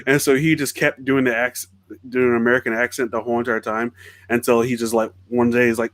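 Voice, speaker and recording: A man's voice: medium pitch, little pitch movement, a little fast, fairly bright tone, no room sound. A man co-hosting a casual podcast, telling anecdotes in a chatty way. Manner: chatty storyteller, laughs while telling anecdotes. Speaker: podcast co-host. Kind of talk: casual chat.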